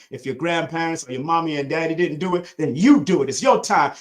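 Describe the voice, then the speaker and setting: A man hosting a live-streamed spiritual lesson, preachy and emphatic, repeating lines for weight. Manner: swings between loud high bursts and low quiet asides.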